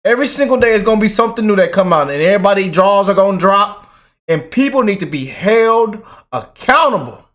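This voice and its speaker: A man's voice: high-pitched, animated, brisk, fairly bright tone. A man giving fired-up casual commentary to his viewers, emphatic and slangy, calling them family. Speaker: political commentary YouTuber.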